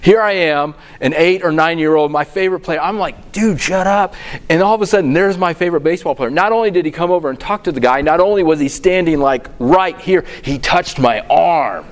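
A middle-aged man, a pastor giving a sermon, telling stories in a lively, conversational way. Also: a little high, a little fast, few pauses, slight background noise. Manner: storytelling, animated and conversational.

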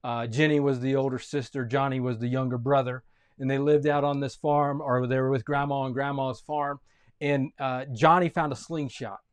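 A pastor giving a sermon, telling a story with lively energy and frequent restarts. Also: male voice, medium pitch, moderate pace, smooth.

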